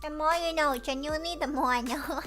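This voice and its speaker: A woman streamer telling a story in casual chat, animated and acting out what people said, often breaking into laughter. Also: sits high, brisk, soft background music.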